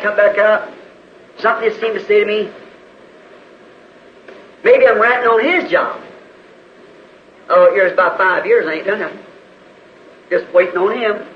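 A man in his fifties with a Southern US accent, preaching a storytelling sermon in a folksy way and rising to pleading prayer. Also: high-pitched. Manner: folksy, acts out quoted voices, rises to pleading prayer. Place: church auditorium. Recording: lo-fi 1960s church tape, roomy, faint hiss.

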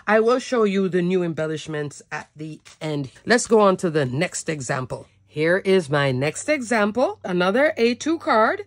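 A woman's voice: fairly low pitch, expressive, normal speed, few pauses, no room sound. A woman narrating a cardmaking product showcase in a bubbly, gushing manner. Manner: bubbly, gushing, repeats "love" and "so cute". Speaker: cardmaking demonstrator.

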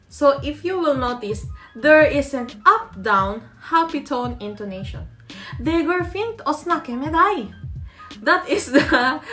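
A woman's voice: fairly high pitch, a bit bright. A woman, giving a language tutorial to camera and explaining her tips step by step. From Philippines. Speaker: language teacher.

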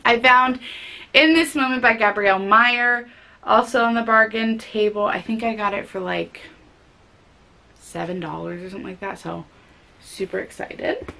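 A woman chatting casually and excitably about books she picked up, with frequent fillers. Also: a little high, moderate pace, vocal fry, slight background noise. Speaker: book vlogger. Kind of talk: casual book haul chat.

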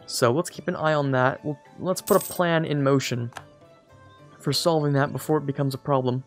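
A man's voice: a little high, steady tone, normal speed, soft background music. A man giving casual, rambling commentary on a strategy game as a let's play host, correcting himself and joking as he goes. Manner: rambling, self-correcting, jokey asides.

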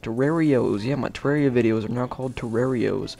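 A man casually narrating his own gameplay as the host of a game video, chatty and playful, with sudden excited shouts. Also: mid-range voice, fast talker, creaky.

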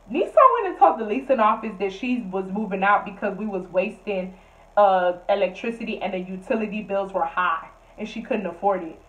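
A young woman, a college student, telling a storytime vlog in a blunt, animated and profane way. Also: mid-range voice, distant mic, phone-quality sound. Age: young adult.

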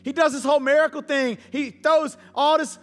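A man's voice: very high-pitched, fairly even intonation, normal speed, long reverb tail, faint music behind. A man pastor preaching a sermon as a dynamic, slangy storyteller who acts out the dialogue. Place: church auditorium.

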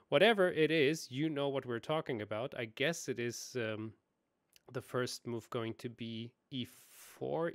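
A man co-hosting a chess lesson, lively and jokey, talking straight to the viewers. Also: medium pitch, normal speed, no echo, clean studio sound. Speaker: show host.

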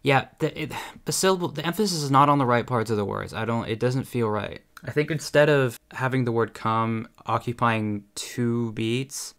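A man's voice: medium pitch, a bit bright, clear, resonant tone. Sarcastic young man critiquing lyrics. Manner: sarcastic and critical, with quick asides. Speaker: YouTuber. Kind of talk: casual commentary on song lyrics.

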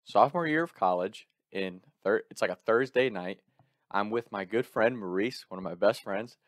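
Lower-voiced young man telling a story. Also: normal speed, soft background music. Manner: animated, laughing, gets louder and higher when excited. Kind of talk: casual personal storytelling.

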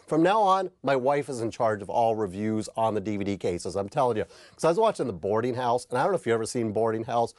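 A man's voice: lowish voice, expressive, quick pace, hardly any pauses, a little mellow, no room sound, studio quality. A man hosting a comedic film review, ranting sarcastically and swearing casually. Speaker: host.

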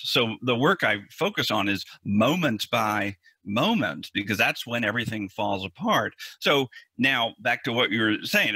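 In a podcast interview, a man who works as an anxiety therapist explains things earnestly, often restarting or repeating words. His voice is mid-range, husky and sharp, recorded with no room sound.

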